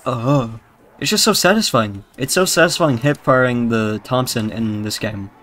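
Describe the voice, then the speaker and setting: A man's voice: medium pitch, moderate pace, fairly bright tone. A young man with a British accent giving crude, rambling, jokey commentary while playing a zombie video game. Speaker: gaming YouTuber. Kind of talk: casual gameplay commentary.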